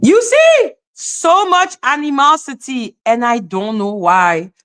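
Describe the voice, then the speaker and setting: Livestream host, woman, slightly high voice, casual blunt ranting, swears freely. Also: big pitch swings, slow pace, pushed and bright, clean tone. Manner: blunt, swearing, talks straight to chat. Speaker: livestream host reacting to chat.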